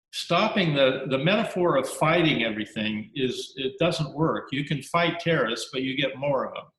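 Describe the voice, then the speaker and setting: A man's voice: medium pitch, a bit bright. A man giving a Zen teacher's dharma talk, thoughtful and searching, often circling back to restart a phrase. His voice sits in a middle range. The video-call audio is roomy and echoey. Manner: reflective, with many restarts.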